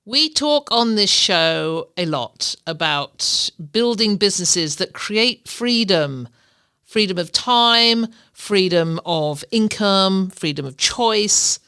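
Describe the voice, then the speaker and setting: A woman's voice: mid-range voice, expressive, slow pace, pushed and bright, clean tone, dry recording, studio quality. A middle-aged woman with an English accent, hosting a podcast interview in an upbeat way and laughing often. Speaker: podcast host.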